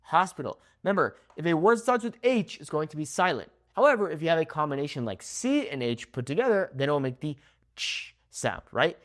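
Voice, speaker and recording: Lively young man teaching pronunciation. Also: a little high. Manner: lively, drawn-out word demonstrations. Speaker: Spanish teacher. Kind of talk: pronunciation lesson. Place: in Mexico.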